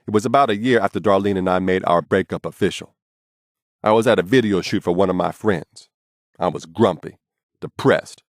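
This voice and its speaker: A man's voice: lowish voice, no room sound, studio quality. A man narrating his own memoir as an audiobook, in a blunt, casual and profane storytelling manner.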